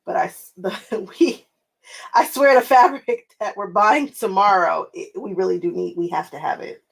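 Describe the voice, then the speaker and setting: A woman's voice: mid-range voice, normal speed, vocal fry, slightly rough, poor audio. A young woman hosting her quilting channel, chatting casually with viewers while she works, often laughing and answering them by name. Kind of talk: casual chat while crafting.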